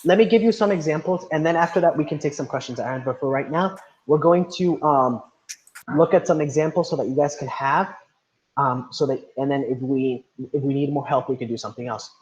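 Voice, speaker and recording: Male teacher on a video call, slightly high voice, muffled lo-fi sound, patient and repetitive. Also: fairly quick, darkish tone. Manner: patient, repeats words and checks with "right?". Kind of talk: online class teaching.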